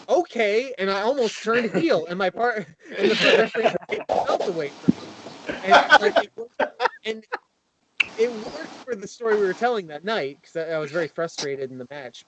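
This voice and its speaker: Brief: male wrestler on a podcast panel, eager and rambling, a touch high, noisy line. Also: muffled recording. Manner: excited, rambling, many fillers and restarts. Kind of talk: casual roundtable chat.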